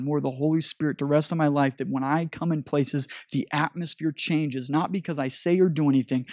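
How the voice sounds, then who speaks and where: Guy preaching, fairly high voice, dry sound, keeps restarting his sentences. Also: no echo. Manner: animated storytelling with restarts. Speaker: pastor. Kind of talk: sermon.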